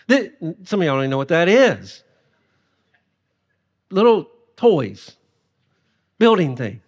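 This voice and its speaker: A male pastor preaches with humor and a lively, animated manner. His voice sits high for a man. The sound carries a long reverb from a large hall. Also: takes it slowly, pauses often, muffled recording. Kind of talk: sermon.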